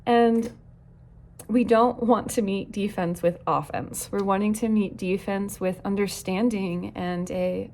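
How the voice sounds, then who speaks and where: A woman's voice: medium pitch, fairly even intonation, unhurried, a little mellow. A woman teaching parents in an earnest, reflective way, now and then acting out short quoted lines. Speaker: parenting educator. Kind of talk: recorded talk on parenting.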